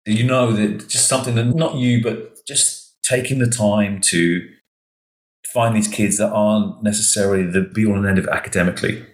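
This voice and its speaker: Man, low voice, echoey room, animated storyteller. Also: normal speed. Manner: animated, emotional storytelling, acts out quoted dialogue. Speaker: education consultant, interview guest. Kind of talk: storytelling in a podcast interview.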